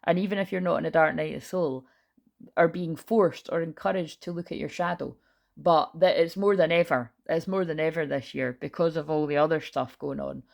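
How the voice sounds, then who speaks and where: Gravelly low-voiced woman. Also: a little fast. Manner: loud, chatty, swears freely. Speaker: tarot reader. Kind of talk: casual tarot reading monologue. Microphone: built-in camera mic, no lapel.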